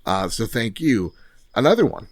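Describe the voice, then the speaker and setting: A man's voice: lowish voice, big pitch swings, moderate pace, no echo. A man co-hosting a casual gaming podcast, joking around and reading listener reviews aloud. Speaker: podcast co-host.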